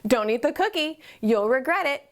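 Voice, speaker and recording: A woman voicing a stern, scolding inner critic, pitched a little lower than her usual talk. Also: lively intonation, normal speed.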